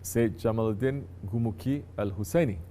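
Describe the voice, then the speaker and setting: A man's voice: lowish voice, normal speed, mellow, slight background noise. A man, a sheikh, teaching his disciples in a conversational sermon, often turning to ask listeners if they understand.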